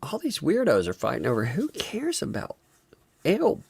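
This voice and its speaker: Very deep-voiced, gravelly woman streamer. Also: huge pitch swings, moderate pace, darkish tone. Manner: amused, mocking, laughing often. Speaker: livestream host. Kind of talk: casual livestream gossip commentary.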